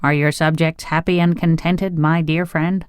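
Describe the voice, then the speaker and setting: A reader voicing a warm, formal male tin man who is an emperor, speaking in an effusive, courtly way. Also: mid-range voice, level tone, normal speed, smooth, no room sound, clean studio sound, natural voice. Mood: gracious. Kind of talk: audiobook character voice.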